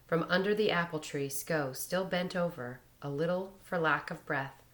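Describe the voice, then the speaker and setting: A woman reading a short story aloud in a measured storytelling manner. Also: sits low. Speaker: reader.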